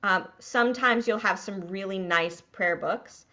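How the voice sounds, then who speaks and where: A woman's voice: medium pitch, unhurried, sharp tone. Woman rabbi teaching hebrew, patient and cheery, kinda lo-fi audio. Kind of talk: online class teaching.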